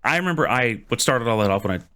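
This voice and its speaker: A man's voice: mid-range voice, expressive, quick pace, fairly bright tone. A man co-hosting a podcast in casual chat, rambling with lots of fillers. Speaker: podcast co-host.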